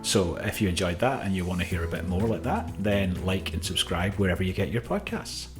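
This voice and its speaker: Low-voiced man hosting a podcast. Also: expressive, fairly quick, over music. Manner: friendly, informal wrap-up talk. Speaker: podcast host. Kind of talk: casual podcast chat. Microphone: cheap microphone.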